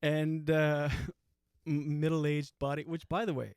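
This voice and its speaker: A man's voice: on the high side, little pitch movement, unhurried, a little mellow, slight background noise. A man in his forties telling a comic story, rambling and self-mocking, with lots of restarts and asides. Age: 40s. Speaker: comedian host. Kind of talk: comedic storytelling monologue.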